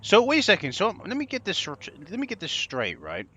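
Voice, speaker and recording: A man's voice: sits high, wildly swooping pitch, moderate pace, sharp tone, husky. A young man giving casual gameplay commentary, sarcastic and exasperated, swearing freely as he plays. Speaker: game commentator.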